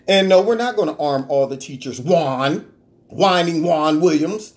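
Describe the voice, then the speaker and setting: A man delivering an animated, argumentative political commentary monologue, full of rhetorical questions. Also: fairly high pitch, normal speed. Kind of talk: opinion vlog monologue.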